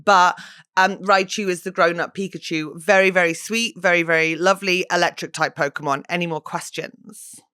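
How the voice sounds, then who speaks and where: A woman's voice: on the low side, steady tone, moderate pace, bright, forceful tone, smooth, no room sound, studio quality. A young English woman hosting a podcast, chatting and telling stories in a self-mocking way, a little hungover. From England. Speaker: podcast host. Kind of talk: casual chat.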